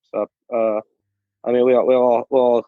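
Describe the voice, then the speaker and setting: A man's voice: mid-range voice, little pitch movement, normal speed, no room sound. Comedian guy rambling and tripping over his words, cursing a lot, kinda muffled dry sound. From Saudi Arabia then the U.S. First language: Arabic. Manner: stammering, restarts, swears freely, laughs often. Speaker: stand-up comedian, guest. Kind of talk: casual interview chat. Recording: dull, lo-fi sound.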